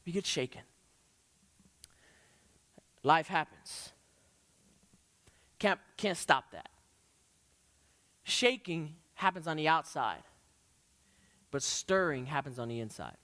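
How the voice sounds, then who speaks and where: A man preaching a youth sermon with passion, swinging between quiet, reflective stretches and loud, rising questions. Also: on the high side, expressive, measured pace, pauses often. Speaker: youth pastor. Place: church hall. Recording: long hall reverb.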